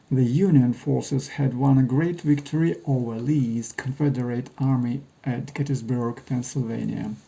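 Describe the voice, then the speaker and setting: Gravelly dark-voiced male narrator. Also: mid-range voice, poor audio. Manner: measured, wry storytelling. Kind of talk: scripted narration.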